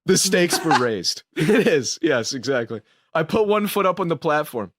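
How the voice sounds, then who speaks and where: A man's voice: a little high, big pitch swings, moderate pace, noisy background. A young man telling a story in casual podcast chat, acting out his own lines and laughing as he goes. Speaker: podcast co-host. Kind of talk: casual storytelling among friends.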